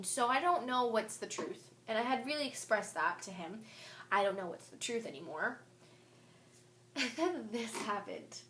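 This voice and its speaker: A young woman telling a storytime vlog, animated and indignant, reading out old text messages. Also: on the high side, slight background noise. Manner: animated and indignant, quoting texts aloud. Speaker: vlogger. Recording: echoey room.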